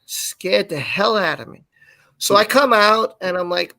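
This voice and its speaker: A man co-hosting a live stream, casually telling a personal story in an animated way and acting out the quoted lines. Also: high voice, a little slow, gravelly, dry recording.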